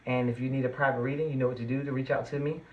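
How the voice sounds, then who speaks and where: A man of middle pitch gives a tarot reading straight to his viewers. He talks in an earnest, reassuring way and turns emphatic when he feels strongly. The sound is a little dull and lo-fi. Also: little pitch movement, rapid-fire. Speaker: tarot reader.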